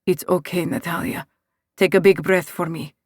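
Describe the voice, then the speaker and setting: An audiobook narrator voicing a calm, protective mafia boss who speaks steadily and reassuringly. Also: normal speed, no echo, studio quality, natural voice. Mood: soothing. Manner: steady, reassuring, low-key.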